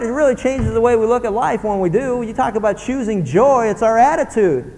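A male pastor preaching a sermon in an animated way, acting out grumbling voices. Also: extremely high pitch, brisk, hardly any pauses, in a large hall.

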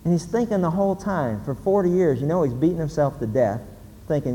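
A man's voice: a little high, lively intonation, moderate pace, mellow. A male pastor preaching a sermon in an emphatic storytelling manner, putting questions to the audience. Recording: reverberant hall, faint background noise.

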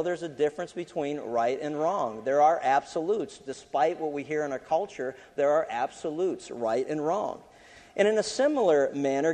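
A pastor with a fairly high voice, talking his congregation through a story and a Bible passage. He speaks conversationally and often restarts his words. The sound carries a long reverb from the large hall. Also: warm tone. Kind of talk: sermon.

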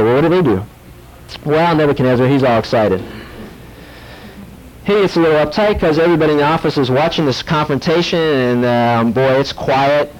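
A male pastor preaching a sermon in a lively, joking storytelling way that drops into earnest warnings. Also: mid-range voice, poor audio. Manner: animated, jokey storytelling with sudden drops to earnest.

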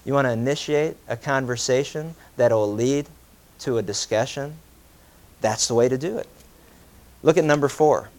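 A middle-aged man preaching a sermon, animated, with jokey asides and rhetorical questions. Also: mid-range voice, moderate pace, long pauses. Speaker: pastor.

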